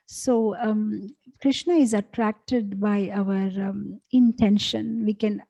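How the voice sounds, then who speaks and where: Mellow-voiced woman telling a devotional story. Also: medium pitch, poor audio. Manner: animated storytelling, acting out voices of characters. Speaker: temple speaker. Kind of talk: storytelling sermon.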